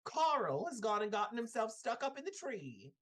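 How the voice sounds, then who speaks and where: A woman's voice: a little high, very animated, moderate pace, a bit bright, voice pushed up. A woman voicing a sweet, genteel neighborhood lady who talks in doting endearments. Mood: sweetly doting. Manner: sugary, endearing.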